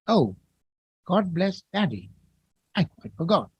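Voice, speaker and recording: A man's voice: high-pitched, sing-song, takes it slowly, breathy edge, no echo, lo-fi sound, pitched above the performer's own voice, full character voice. A man reciting as a small boy at prayers. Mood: innocent, chatty. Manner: recited with lilting rhythm. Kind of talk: poetry reading in a lecture.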